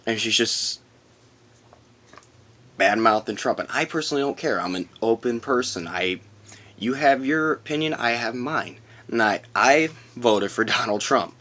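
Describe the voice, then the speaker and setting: A man's voice: mid-range voice, a little slow, sharp tone. A man rambling through a casual storytime vlog, bluntly retelling a work story and swearing now and then. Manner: rambling, repeats himself, talks in run-on quotes. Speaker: vlogger.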